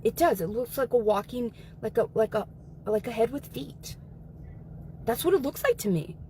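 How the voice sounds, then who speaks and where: Woman, livestream guest, heated and profane, higher-pitched, some faint noise behind. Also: expressive, moderate pace, a little mellow, poor audio. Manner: angry, profane, emphatic.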